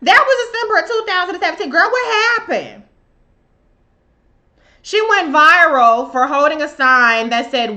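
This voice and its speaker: Woman, bright sharp voice, sassy profane commentary, live stream. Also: very high-pitched, expressive, a little slow. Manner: sassy, emphatic, loose and profane. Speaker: live show host. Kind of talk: profane political commentary monologue.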